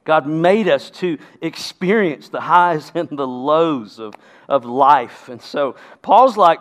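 A man's voice: fairly high pitch, lively intonation, slow, a bit bright. A man preaching a sermon as a pastor, emphatic and often asking the congregation rhetorical questions.

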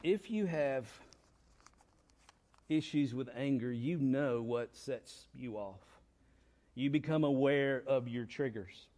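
A man's voice: medium pitch, darkish tone. Man preaching an emphatic sermon. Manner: repetitive, emphatic preaching with rhetorical questions. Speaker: pastor. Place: church.

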